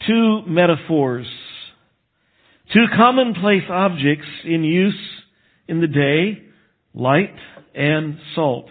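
A man from Texas, a pastor, preaching a sermon in a conversational way and slowing down to stress key phrases. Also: on the high side, animated. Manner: conversational preaching, slows for emphasis. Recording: phone-like narrow band.

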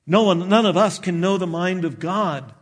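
Man, pastor, high voice, expressive sermon delivery, emphatic pauses. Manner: expressive preaching, acts out disciples' voices, slows for emphasis.

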